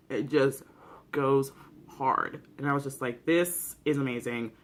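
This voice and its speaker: A young adult vlogger talks in a loose, hyped-up way, heavy on slang, swearing and fillers. The voice sits at a middle pitch, neither high nor low. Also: fairly bright tone. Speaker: YouTuber reviewing a TV series. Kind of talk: casual vlog commentary.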